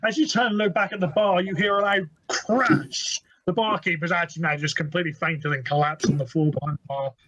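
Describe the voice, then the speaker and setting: A man's voice: a little high, fairly even intonation, a little fast, few pauses, a bit bright, no echo, rough recording. A man narrating a tabletop role-playing game as game master, in an easygoing, descriptive way with fillers.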